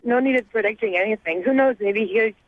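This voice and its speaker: A woman's voice: fairly high pitch, quick pace, no echo. Gushing chatty woman on the phone. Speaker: radio caller. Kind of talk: phone-in call. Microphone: telephone. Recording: tinny phone line.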